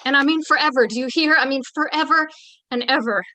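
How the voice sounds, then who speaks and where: Brief: woman as a scared, pleading young bride, high bright voice. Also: fast talker. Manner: tearful, pleading. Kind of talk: staged play reading.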